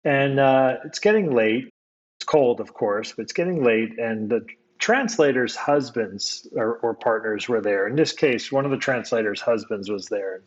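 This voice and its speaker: A man from the United States tells a personal story in a relaxed, reflective conversational way. He talks at an ordinary pitch and often circles back and restarts his sentences. The recording sounds somewhat dull and lo-fi. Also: moderate pace. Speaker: guest storyteller.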